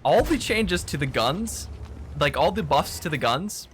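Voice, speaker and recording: A man hosting a relaxed gaming chat with a guest. His voice sits a little high, and he sounds easygoing and agreeable. He mutters to himself while he plays, over clear background noise from a desk mic on an online call. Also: measured pace. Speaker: gaming video host.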